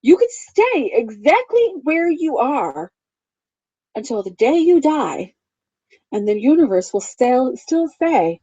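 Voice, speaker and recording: A woman in her thirties with a fairly high but dark, mellow voice gives a motivational talk as a spiritual coach. She is emphatic, swears freely and laughs often. The recording is dull, lo-fi and dry. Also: sing-song, takes it slowly, pauses often, slightly rough, no room sound.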